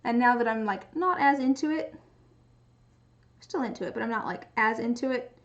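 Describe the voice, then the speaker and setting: A woman's voice: fairly high pitch, normal speed, dull audio. A woman from the Pacific Northwest with a light regional American accent, chatting casually and rambling with lots of restarts while she streams her crafting. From Pacific Northwest, USA.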